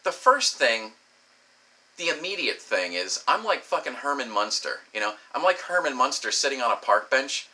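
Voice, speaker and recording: A middle-aged man telling a crude personal story, animated and swearing freely. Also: mid-range voice, normal speed. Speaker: comedic storyteller.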